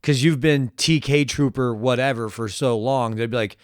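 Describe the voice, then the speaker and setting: A man's voice: medium pitch, normal speed, few pauses, smooth, no room sound, studio quality. A man co-hosting a podcast in casual chat, goofy and riffing, putting on silly voices for bits. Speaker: podcast co-host.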